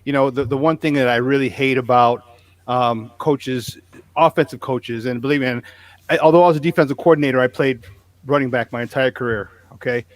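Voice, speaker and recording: A man's voice: mid-range voice, fairly even intonation, fairly quick, no room sound. A man in his forties, a podcast co-host and former player and coach, chatting casually about sports. He tells stories with energy, acts out quotes and swears freely.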